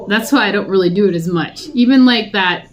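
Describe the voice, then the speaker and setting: Young woman, casual eating vlogger: chatty, rambling, quick to laugh. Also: mid-range voice. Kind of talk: casual talking while eating.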